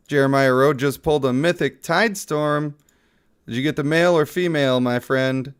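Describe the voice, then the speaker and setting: Sick guy streaming a mobile game, joking with chat, smooth clear voice, mid pitch. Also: normal speed. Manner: playful, jokey, chatting with viewers. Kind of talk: casual live-stream commentary.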